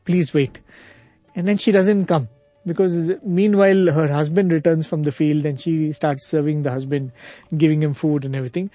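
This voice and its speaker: A man retelling a spiritual story in casual conversation, hesitant with many fillers and soft chuckles. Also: on the high side, steady tone, brisk, no room sound, soft background music.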